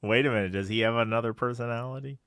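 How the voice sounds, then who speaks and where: A man co-hosting a podcast, recapping a TV episode in a relaxed chat and laughing easily. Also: mid-range voice, quick pace, clean tone, no room sound, clean studio sound. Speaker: podcast co-host. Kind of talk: casual episode review chat.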